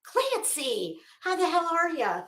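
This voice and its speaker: Her voice sits extremely high and swings hugely in pitch as she takes her time, with a fairly bright tone and roomy sound. She's a middle-aged woman from Florida with a Florida Southern accent, running a casual livestream where she chats frankly, swears freely and greets viewers by name.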